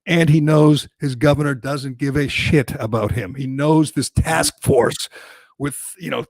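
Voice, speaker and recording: A man hosts a talk show and rants in angry, mocking bursts. His gravelly voice sits a bit high. The sound is dry and close. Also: no room sound. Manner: angry, mocking, loud outbursts. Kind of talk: heated political talk radio rant.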